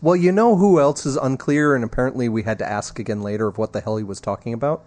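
A man's voice: mid-range voice, fast talker, darkish tone. A man co-hosting a podcast, talking in a loose, joking way. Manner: joking, goofy asides. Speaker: podcast co-host. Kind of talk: casual chat.

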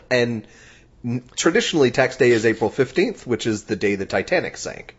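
Man, podcast co-host, chatty and rambling, mid pitch, muffled lo-fi sound. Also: animated, normal speed, husky. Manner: chatty, explains at length with fillers. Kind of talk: casual chat. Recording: dull lo-fi podcast audio.

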